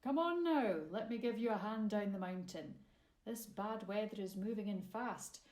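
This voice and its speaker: A woman voicing a gentle, kindly male mountain giant with a Scottish accent, talking in a warm, reassuring way. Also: mid-range voice, moderate pace, close to an everyday voice. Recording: roomy echo.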